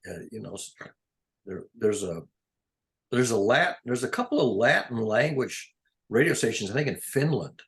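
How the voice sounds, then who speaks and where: A man's voice: medium pitch, very animated, moderate pace. An older man in a casual, rambling chat, drifting between topics and chuckling often. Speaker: conversation partner.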